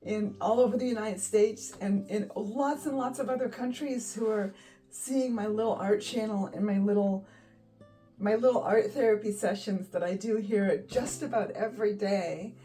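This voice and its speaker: A woman's voice: mid-range voice, steady tone, moderate pace, mellow, recorded from a distance, faint music behind, poor audio. A woman in her fifties hosting her art channel, giggly and effusive, close to tears and laughing often. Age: 50s. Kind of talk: casual vlog chat. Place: home art studio. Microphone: phone.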